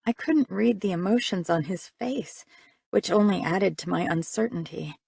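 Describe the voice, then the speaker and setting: A woman's voice: mid-range voice, normal speed, gravelly, darkish tone, husky, no echo. A woman narrating a first-person audiobook in a reflective, conversational reading.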